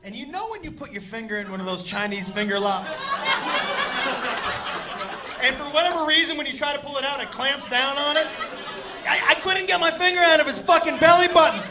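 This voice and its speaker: A very high-voiced man doing stand-up, loose and profane, talking right at the audience. Loud laughter from a packed room rolls under him, with a constant wash of live-show noise. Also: fairly quick. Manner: animated, profane, crowd-addressing. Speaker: stand-up comedian. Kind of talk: stand-up storytelling. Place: comedy stage before a laughing crowd.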